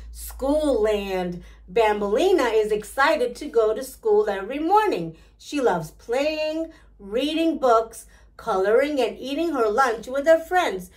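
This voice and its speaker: Woman reading a kids picture book aloud, slow and clear, slightly high voice. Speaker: storytime reader.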